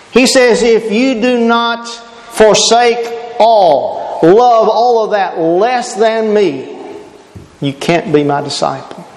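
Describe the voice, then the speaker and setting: A high-pitched man preaches with emphatic, repeated phrases. His voice rings through a large echoey hall with a long reverb tail. A faint hiss sits beneath it all. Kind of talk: sermon.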